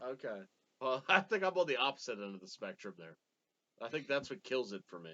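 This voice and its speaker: Male podcast guest, mid pitch, loose rambling delivery, dull lo-fi sound. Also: big pitch swings, brisk, crowd noise. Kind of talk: casual podcast chat. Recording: dull lo-fi audio.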